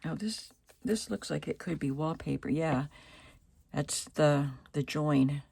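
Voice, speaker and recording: A woman vlogging casually about her craft supplies, thinking aloud and admiring each item, her voice still rough from the morning. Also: sits low, no echo. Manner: slow and chatty, softly admiring, thinking aloud. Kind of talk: casual show-and-tell vlog.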